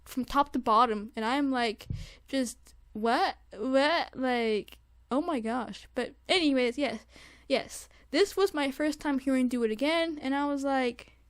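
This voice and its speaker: A young woman giving an excited, casual music review, gushing and repeating herself with lots of fillers and restarts. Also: high voice, a little slow.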